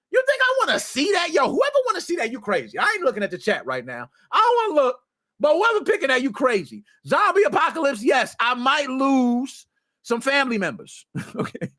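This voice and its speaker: A male streamer chatting casually on a live stream, loud and excitable, breaking into shouts. His voice sits high and sounds bright and sharp, and it swoops up and down all the time. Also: moderate pace. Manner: animated, excitable, shouts often, slangy. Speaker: streamer, podcast host. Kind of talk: casual livestream chat.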